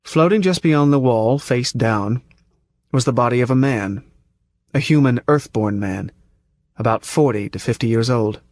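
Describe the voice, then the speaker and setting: A man narrating a first-person story in a measured, tense manner. His voice is mid-pitched and the recording is close and completely dry, with no room around it. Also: darkish tone, dry recording. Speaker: audiobook narrator.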